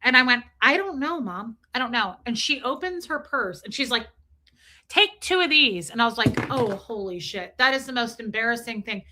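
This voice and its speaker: A young adult woman telling a story in casual livestream chat, chatty and animated, greeting viewers as she goes. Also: a little high, fairly quick, hardly any pauses, a little hiss or hum. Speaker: streamer.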